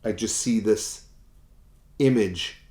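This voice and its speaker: A man spins a collecting story like an epic tale. He swells loud, then drops to near-whispers for effect. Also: on the low side, takes it slowly. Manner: dramatic, swings between loud and hushed. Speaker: toy collector vlogger. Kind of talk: mock-epic storytelling to camera.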